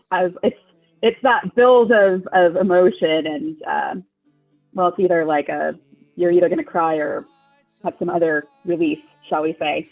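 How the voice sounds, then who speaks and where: A woman's voice: lowish voice, gravelly. A young adult woman from Long Beach, California, a guest on a podcast, chatting casually and rambling with lots of "like" and "um". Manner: rambling, hesitant, full of "like" and "um". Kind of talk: casual chat. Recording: phone-like remote call line.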